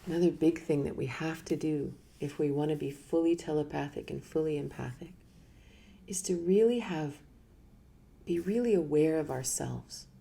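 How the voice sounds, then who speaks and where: Gravelly, laughing woman teacher. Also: low-pitched, normal speed. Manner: animated, laughs often, acts out inner voices. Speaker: spiritual teacher giving a live talk. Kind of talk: casual spoken talk.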